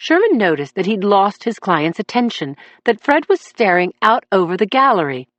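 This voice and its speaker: A woman's voice: medium pitch, sing-song, normal speed, no echo. Woman narrating a crime novel, dry and dull. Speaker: audiobook narrator.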